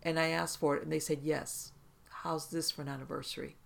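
Narrator reading a playful teasing young guy in a storybook, slightly gravelly voice. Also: mid-range voice, flat delivery, brisk, a bit bright. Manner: teasing, lightly grinning. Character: cheerful young man, playful boyfriend.

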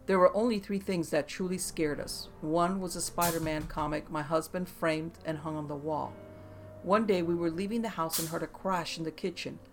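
Narrator for spooky true-story readings: mid-pitched, gravelly edge, even and measured, goes hushed for the creepy bits. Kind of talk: scripted narration of true scary stories.

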